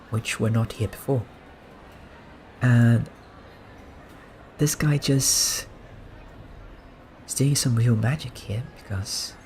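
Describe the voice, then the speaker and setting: A man giving relaxed, soft-spoken gameplay commentary, musing and amused as he points things out. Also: mid-range voice, slight background noise. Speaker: gaming streamer.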